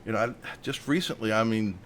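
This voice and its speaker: A man's voice: fairly low pitch, a little fast, a bit bright, slight background noise. A man hosting a news commentary, indignant and worked up. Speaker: host.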